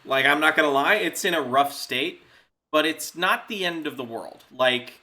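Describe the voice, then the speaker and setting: Bright-voiced man running a tabletop game. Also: fairly high pitch, moderate pace. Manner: chatty, laughs often, loose fillers. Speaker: game master.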